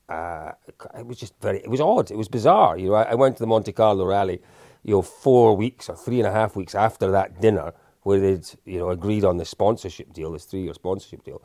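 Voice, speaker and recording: A man's voice: lowish voice, darkish tone, no room sound, studio quality. A man in his fifties, a guest telling casual stories in a chatty, self-deprecating way with lots of restarts. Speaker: interview guest. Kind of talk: casual storytelling.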